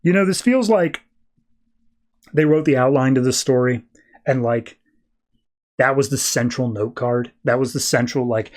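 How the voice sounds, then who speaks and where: A man's voice: medium pitch, moderate pace, pauses often, darkish tone. A male podcast host giving a casual recap of a comic, chatty and full of fillers. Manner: chatty paraphrasing, frequent fillers.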